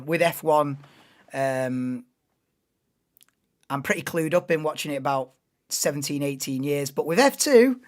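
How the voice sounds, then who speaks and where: A man doing casual live race commentary on a stream, chatting and thinking aloud between calls of the action. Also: a little high.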